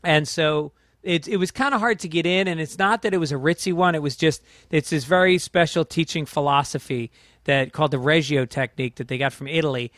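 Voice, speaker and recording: A man as a comedian guest in casual chat, thinking out loud and correcting himself. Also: a little high, brisk, no echo, clean studio sound. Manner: thoughtful, correcting himself as he talks.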